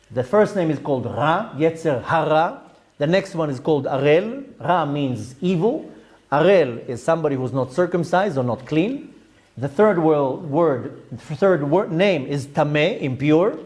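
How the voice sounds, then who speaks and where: Male rabbi, lecturing a class, fairly high voice. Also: darkish tone. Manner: explanatory, with Hebrew terms and frequent asides. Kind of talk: Torah lecture to a live class.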